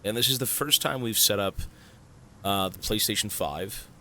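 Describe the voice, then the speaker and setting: A man streaming live, thanking viewers for gifts in an excitable, swearing, disbelieving way. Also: lowish voice, normal speed, slight background noise. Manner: excitable, swears a lot, stunned outbursts.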